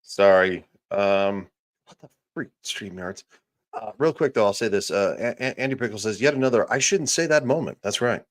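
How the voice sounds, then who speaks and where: Low-voiced man ranting on a livestream. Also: moderate pace. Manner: profane, heated, ranting. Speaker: livestream host. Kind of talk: casual political commentary stream.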